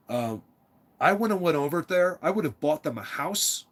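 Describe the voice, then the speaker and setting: A man with a fairly high voice tells a long personal story to the camera. He talks emphatically and loosely, repeating words and restarting his sentences as he goes. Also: animated, a little slow. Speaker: father telling a personal story. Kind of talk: rambling casual storytelling monologue.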